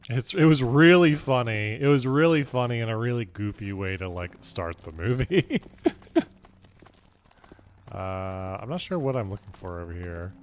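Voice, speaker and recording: A man's voice: mid-range voice, lively intonation, normal speed. A young man streaming a horror game, chatting casually and rambling with many fillers and restarts. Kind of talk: casual gaming commentary.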